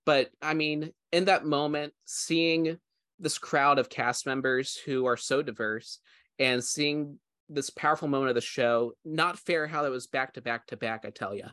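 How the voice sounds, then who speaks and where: A man's voice: mid-range voice, fairly even intonation, a little slow, fairly bright tone, dry recording, studio quality. A man co-hosting a podcast, chatting casually in a rambling, heartfelt way with many fillers. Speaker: podcast co-host. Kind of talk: casual chat.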